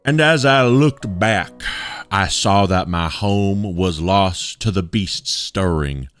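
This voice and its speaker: A man voicing an ancient male traveler mourning his lost homeland, with a put-on Chinese accent and a slow, solemn delivery. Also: low-pitched, animated, a bit bright, soft background music, exaggerated voice.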